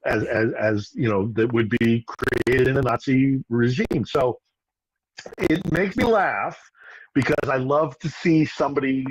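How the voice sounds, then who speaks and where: A man's voice: medium pitch, unhurried, husky, rough recording. A man giving casual political commentary on a live stream, rambling with restarts and asides. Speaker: regular guest commentator. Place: in Ukraine.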